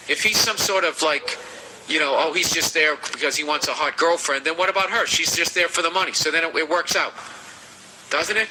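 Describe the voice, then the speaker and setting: Podcast host with a Boston accent, a man giving crude comic advice, forceful tone. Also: high voice, a little hiss or hum, rough recording. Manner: profane, ranting, animated. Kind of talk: comedic advice rant.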